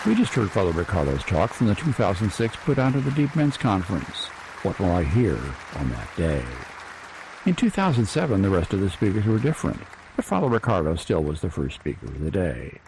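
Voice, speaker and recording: A man hosting a program who introduces a recorded conference talk in a steady announcing tone. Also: sits low, brisk, crowd noise, background noise. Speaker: program host.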